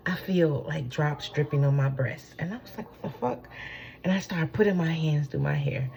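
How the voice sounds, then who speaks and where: A woman's voice: low-pitched, darkish tone. A woman giving a casual spiritual teaching from home, rambling and swearing freely, often checking in with her listeners. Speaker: spiritual channeler.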